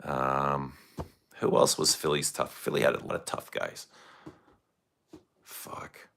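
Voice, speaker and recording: A man's voice: a bass voice, little pitch movement, moderate pace, gravelly, fairly bright tone. A man hosting a casual fragrance livestream, rambling loosely and reacting to viewer comments. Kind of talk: casual livestream chat answering chat.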